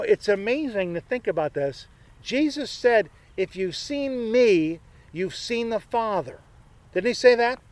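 A man's voice: high voice, dry recording. A male pastor preaching a sermon in a conversational way, with joking asides to his congregation.

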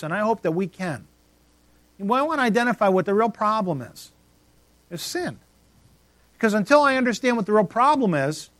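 Pastor, man, higher register, dramatic sermon delivery, dry recording. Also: fairly bright tone, no room sound. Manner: emphatic, rising and dropping to near silence for effect.

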